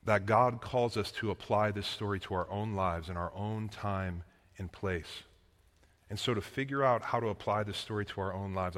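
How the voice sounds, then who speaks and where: A man preaching a sermon in an animated, casual way, with slang and emphatic delivery. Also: fairly low pitch. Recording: long echoing reverb.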